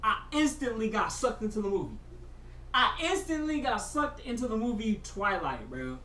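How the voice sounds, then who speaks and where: Slangy vlogger rambling a story, bright bouncy voice, kinda far from the mic in an echoey room. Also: medium pitch, normal speed, a little hiss or hum. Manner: slangy, keeps saying "bro"; swings between mumbling and loud excited bursts. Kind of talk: casual storytelling vlog.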